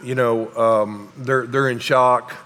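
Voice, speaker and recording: A man, a pastor speaking haltingly and emotionally to his congregation, often pausing and sighing. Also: medium pitch, steady tone, a bit bright. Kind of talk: emotional sermon announcements. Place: large church sanctuary. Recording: long hall reverb.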